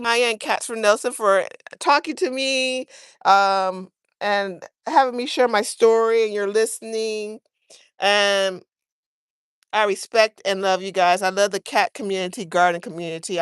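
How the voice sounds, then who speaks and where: A woman's voice: medium pitch, a bit bright, smooth, no room sound, studio quality. A woman chatting casually on a livestream, rambling and earnest as she talks to viewers from her garden outdoors. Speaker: livestream host.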